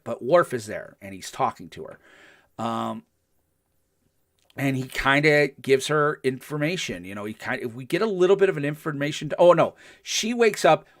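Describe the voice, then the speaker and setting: An older man hosting a podcast, recapping episodes in casual chat and acting out quotes with animated energy. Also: medium pitch. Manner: animated storytelling, acts out quotes. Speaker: podcast host.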